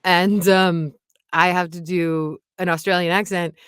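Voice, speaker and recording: A woman's voice: on the low side, little pitch movement, unhurried, fairly bright tone, clean tone, dry recording, clean studio sound. A young adult woman, an audiobook narrator, chatting casually as an interview guest with lots of fillers and frequent laughter.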